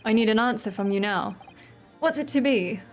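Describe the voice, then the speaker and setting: Woman voicing a stern male British judge, attempted British accent, clipped formal speech, fairly high voice. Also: normal speed, faint music behind, natural voice. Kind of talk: reading game dialogue aloud.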